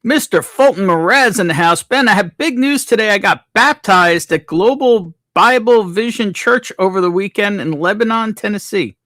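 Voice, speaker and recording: A man's voice: sits high, lively intonation, normal speed, few pauses, fairly bright tone, no room sound, clean studio sound. Laid-back man greeting livestream chat. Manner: reads chat names aloud, laid-back. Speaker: livestream host.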